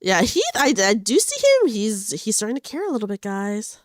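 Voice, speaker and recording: A woman's voice: medium pitch, sing-song, normal speed, no room sound, clean studio sound. A young woman streamer chatting with her audience and reading game dialogue aloud during a live game stream. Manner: chatty, giggly, reads game lines aloud.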